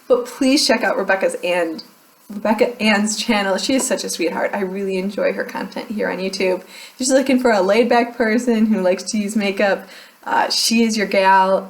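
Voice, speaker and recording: A young adult woman chatting casually to her viewers about products she is using up. She talks in a loose, self-deprecating way and laughs often between thoughts. Her voice sits at an ordinary middle pitch. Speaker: beauty vlogger. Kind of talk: casual chat.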